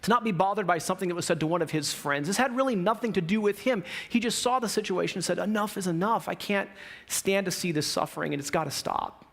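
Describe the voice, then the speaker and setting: A male pastor preaching a sermon in a casual, animated storytelling way, acting out the people in his stories. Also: high-pitched, quick pace, creaky. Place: church.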